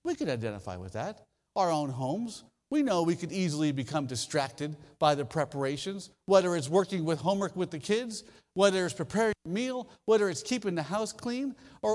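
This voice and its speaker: Animated high-voiced male preacher in a reverberant hall. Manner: animated preaching with drawn-out pauses and dropped endings. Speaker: pastor. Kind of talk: sermon.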